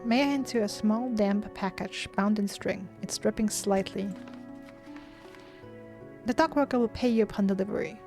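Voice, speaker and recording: A woman's voice: medium pitch, normal speed, music in the background, close to an everyday voice. A woman reading as a fussy polite mayor.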